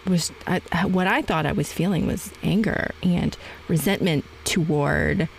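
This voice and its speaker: A woman in her forties with a somewhat low voice hosts a podcast conversation. She tells her own story in an animated way and acts out past exchanges. Faint noise sits behind her voice. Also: a little slow, gravelly, poor audio. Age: 40s. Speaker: podcast host. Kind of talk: conversational interview.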